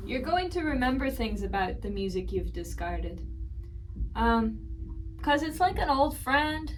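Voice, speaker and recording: A woman's voice: high-pitched, big pitch swings, unhurried, far from the mic, slight background noise, low-quality recording. A woman teaching piano in a casual practice session, talking herself through the music between passages. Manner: chatty, thinking aloud between playing, counting beats. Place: room at a piano. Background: piano playing.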